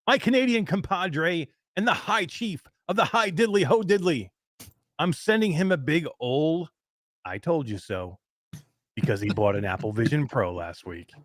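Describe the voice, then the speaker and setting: A man hosts a live talk show with lively swings in his pitch, teasing his co-host and laughing as he goes. His voice sits a bit high for a man and sounds dry and close to the mic. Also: no room sound. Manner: animated, teasing, laughs often.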